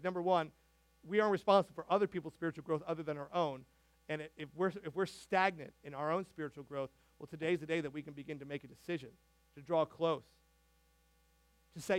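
A man preaching a sermon as a pastor, animated and conversational, with frequent asides and restarts. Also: fairly high pitch, a little fast, dry recording. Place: church sanctuary.

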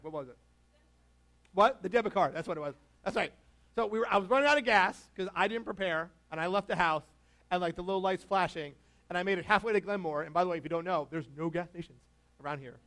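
A man's voice: high voice, fast, fairly bright tone. A man preaching a casual, conversational sermon, laughing often and asking the congregation questions. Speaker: pastor.

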